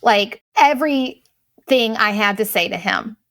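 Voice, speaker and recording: A woman in her thirties hosting a podcast, telling a story in a blunt, profane, fast-moving monologue. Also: a little high, lively intonation, a bit bright. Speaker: podcast host. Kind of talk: casual venting monologue.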